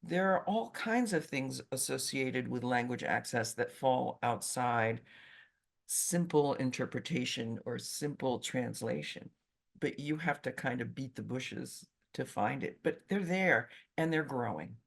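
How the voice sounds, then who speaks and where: A middle-aged woman from Brazil, a Portuguese native speaker with a slight Brazilian accent, answering interview questions as an animated, expressive storyteller. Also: rumbling low, measured pace, creaky. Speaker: medical interpreter, interview guest.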